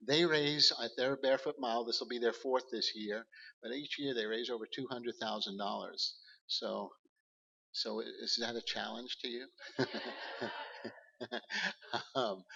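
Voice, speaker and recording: A man speaking earnestly at a church service, halting often with fillers as he presents slides. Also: mid-range voice, bright, forceful tone, big-room sound, lo-fi sound.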